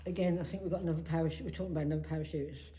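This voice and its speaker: A woman's voice: low-pitched, fairly even intonation, rapid-fire, warm tone, a little hiss or hum. A woman working as a medium, musing hesitantly as she calls out to a spirit inside a church. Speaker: psychic medium. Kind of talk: paranormal investigation chat. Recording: echoey church room.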